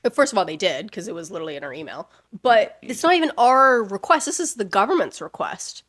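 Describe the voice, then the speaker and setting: A woman's voice: medium pitch, very animated, quick pace, a bit bright, no echo. A woman co-hosting a casual podcast, talking bluntly and animatedly and swearing freely. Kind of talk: casual chat.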